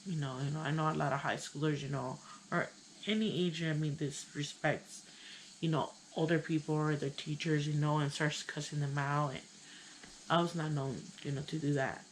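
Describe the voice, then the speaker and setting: A young woman with a Chicano English accent, telling a personal story in a casual, halting way, full of "like" and "you know". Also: deep voice, steady tone, slight background noise, low-quality recording. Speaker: vlogger.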